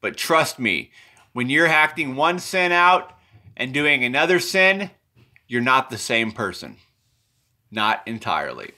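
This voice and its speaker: Rambling bright-voiced man explaining drawings. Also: mid-range voice, very animated, a little slow. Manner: meandering, repetitive, self-correcting. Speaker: presenter explaining his drawings.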